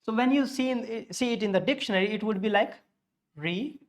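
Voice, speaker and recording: A man's voice: high voice, quick pace. A man giving a spoken lesson as an English pronunciation teacher, explaining things methodically, step by step.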